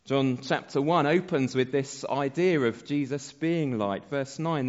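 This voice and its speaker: A man preaching a sermon as pastor, slow and measured, letting his phrase endings fall soft. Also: mid-range voice. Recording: dull sound with long hall reverb.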